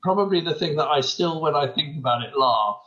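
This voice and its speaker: A man speaks in a relaxed, reflective way as he recounts an anecdote as a guest. The sound is somewhat dull and lo-fi, as if on a lesser mic. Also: a little high, brisk. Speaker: comedy producer, podcast guest. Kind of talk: casual anecdote.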